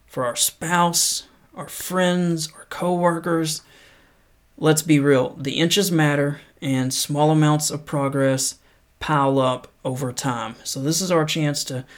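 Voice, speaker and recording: A man hosting a podcast, talking through news stories in a conversational way and slowing down to read quotes aloud. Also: medium pitch. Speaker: podcast host. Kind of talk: news roundup and motivational quotes.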